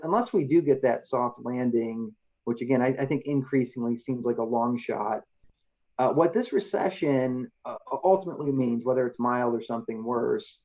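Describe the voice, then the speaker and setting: A man's voice: mid-range voice, dull audio. A male economist giving a slide presentation in a conversational, explanatory way, often checking in with the audience.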